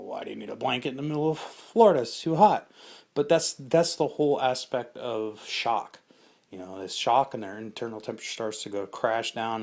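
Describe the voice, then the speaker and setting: Relaxed man explaining survival gear. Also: mid-range voice. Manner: relaxed, conversational, with frequent fillers and restarts. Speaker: survival instructor. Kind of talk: casual instructional talk.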